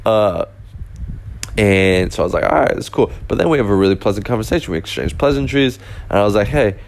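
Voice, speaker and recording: A man's voice: fairly low pitch, animated, fast, vocal fry, a little hiss or hum. A young man casually telling a rambling story, full of fillers and restarts. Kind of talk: casual anecdote.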